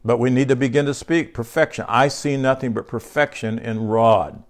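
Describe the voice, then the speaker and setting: A man's voice: mid-range voice, fairly even intonation, moderate pace. A male pastor preaching in a conversational sermon style, reading scripture aloud and putting questions to his congregation. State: short on sleep.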